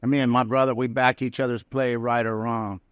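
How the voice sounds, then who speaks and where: Man, recovery speaker. Plain-spoken, folksy storyteller with a smooth, resonant voice. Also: medium pitch, level tone, brisk, no echo, highs cut off. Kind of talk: personal recovery story told to a live audience. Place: prison hall.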